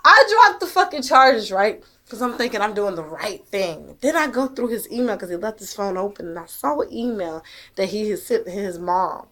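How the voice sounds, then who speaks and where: A woman's voice: mid-range voice, lively intonation, moderate pace, sharp tone. A woman telling a personal story about her life as a mother. She speaks with emphasis and heat, swears often, and keeps pressing her point with "okay?". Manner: profane, emphatic, heated. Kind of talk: emotional first-person storytelling.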